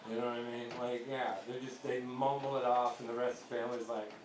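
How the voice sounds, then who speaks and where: A young man works through a crude, rambling stand-up set on a comedy club stage. The sound is roomy and echoey, picked up from some distance, with steady club noise around him. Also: medium pitch, fast talker. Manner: crude, rambling delivery with acted-out voices. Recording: echoey club heard from afar.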